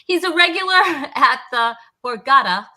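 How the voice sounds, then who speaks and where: A woman's voice: high voice, expressive, normal speed, bright, forceful tone. A woman hosting a casual live-stream talk show, bubbly and chatty, laughing easily.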